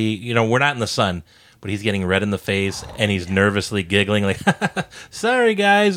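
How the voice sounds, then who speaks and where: Podcast co-host, man, low voice, easygoing storyteller. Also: a bit bright. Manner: laid-back, joking, acts out quotes. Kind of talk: casual storytelling chat.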